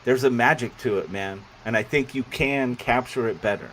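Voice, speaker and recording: Excitable man hosting a casual panel. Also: mid-range voice, normal speed, a little hiss or hum. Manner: excitable, laughs often, swears casually. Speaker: podcast host running a pitch panel. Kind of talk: casual online panel chat.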